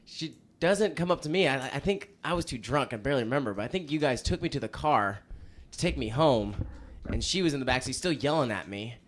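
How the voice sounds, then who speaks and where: A man's voice: mid-range voice, animated, a little fast. A young man and band frontman telling rambling, self-mocking stories in casual chat, laughing often. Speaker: podcast guest, band frontman.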